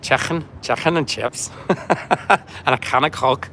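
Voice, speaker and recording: A man's voice: mid-range voice, unhurried, pushed and bright, a little hiss or hum. A man doing a playful mock Liverpool accent while chatting to viewers.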